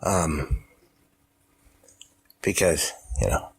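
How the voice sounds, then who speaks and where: A sick, out-of-breath man hosting a casual solo podcast from home, wheezing and pausing every few sentences to catch his breath. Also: a bass voice, lively intonation, gravelly, husky. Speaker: podcast host. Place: at home with a cat on him.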